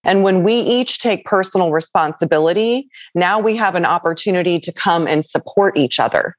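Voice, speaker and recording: A woman's voice: fairly low pitch, normal speed, dry recording. A woman guest on a podcast conversation, explaining in an earnest, patient way. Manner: earnest, explanatory, acts out quoted voices. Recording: dull, dry lo-fi audio.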